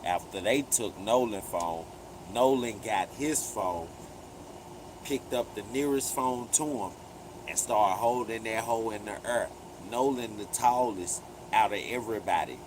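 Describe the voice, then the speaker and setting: A man hosts a live commentary stream. He talks slowly in a low voice, retelling events with emphatic, profane street slang. A steady air-conditioning hum and noise sit clearly behind him. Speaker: livestream commentary host.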